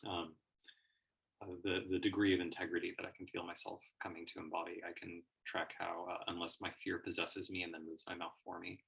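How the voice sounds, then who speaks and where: A man's voice: deep voice, level tone, brisk, creaky, fairly bright tone, husky. A man giving a reflective livestream monologue as a personal growth teacher, searching for words and laughing often.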